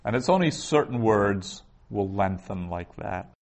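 A man teaching a class, explaining step by step in a patient way, with frequent pauses and restarts. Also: fairly low pitch, expressive, darkish tone. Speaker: Hebrew teacher. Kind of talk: classroom lecture.

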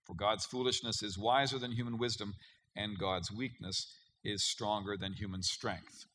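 A man preaching a sermon in a conversational, emphatic way, often pausing with fillers and pushing hard on key words. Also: on the low side, steady tone, sharp tone, a little hiss or hum.

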